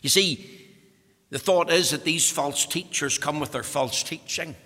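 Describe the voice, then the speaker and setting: Emphatic preacher, bright voice. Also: male voice, fairly high pitch, a little slow, in a large hall. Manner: emphatic, building to forceful exhortation. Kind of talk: sermon.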